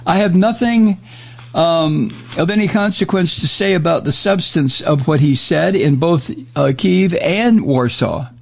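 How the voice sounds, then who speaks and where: A man's voice: on the high side, measured pace, creaky, hardly any pauses. A man hosting a political talk show, delivering a blunt, sarcastic, heated monologue into a studio microphone. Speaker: radio talk show host.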